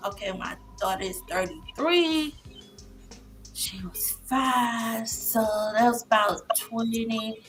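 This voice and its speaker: Emotional woman with a bright voice. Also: a little high. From Massachusetts. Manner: halting, many fillers and restarts. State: emotional, near tears. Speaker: guest speaker, licensed therapist. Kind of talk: emotional personal testimony on a live show.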